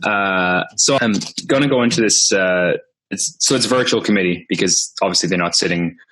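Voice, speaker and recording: Young farmer guest, low-voiced, animated storyteller who laughs often and mimics voices. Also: male voice, normal speed. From Manitoba, Canada. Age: young adult. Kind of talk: casual storytelling.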